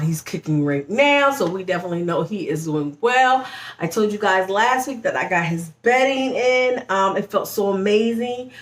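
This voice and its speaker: A woman's voice: fairly high pitch, echoey room. A young woman vlogger chatting casually at home about her pregnancy, bubbly and talkative, laughing often and saying y'all. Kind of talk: casual pregnancy vlog chat.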